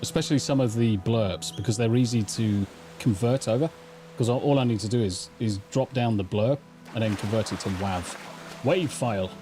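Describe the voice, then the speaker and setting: A man's voice: fairly low pitch, normal speed, dark tone, faint music behind. Rambling, sweary English man streaming. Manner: rambling, sweary, self-deprecating banter. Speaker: game streamer. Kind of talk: casual live-stream chat. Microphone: studio mic through a mixing console.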